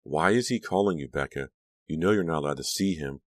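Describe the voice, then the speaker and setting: A man's voice: very deep voice, a little fast, no echo, clean studio sound. A man doing a stern, disapproving mother. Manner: stern and reproachful. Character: disapproving middle-aged mother, worried.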